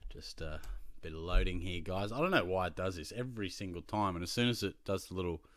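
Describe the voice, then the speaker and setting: A chatty Australian man with a lowish voice tells animated stories and talks through his fantasy football team. He laughs often and keeps it casual. The recording is close and dry. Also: fast, no room sound. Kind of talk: casual chat.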